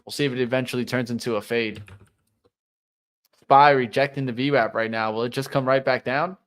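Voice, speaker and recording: A man's voice: medium pitch, steady tone, brisk, a bit bright. Man calling live stock moves. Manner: running play-by-play of price moves. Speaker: co-host of live trading show. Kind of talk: live market commentary.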